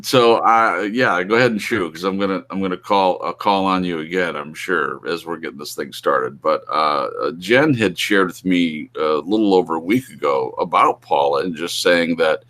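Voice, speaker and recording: A man with a deep, low-pitched voice hosts a live online show. He talks loosely and rambles, with plenty of fillers and restarts. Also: moderate pace, hardly any pauses, a bit bright. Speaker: host. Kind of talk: casual live-stream talk.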